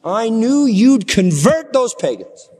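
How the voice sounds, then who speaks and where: A man voicing an angry, sulking male prophet who complains in a high, strained voice. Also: sing-song, normal speed, a little mellow. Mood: indignant. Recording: long hall reverb.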